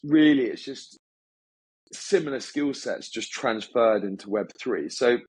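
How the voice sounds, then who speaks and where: A man with a medium-pitched, breathy voice and lively intonation appears as a guest in a casual interview. The agency founder is upbeat and chatty, speaking in quick bursts and often restarting his sentences. The recording is rough but has no echo.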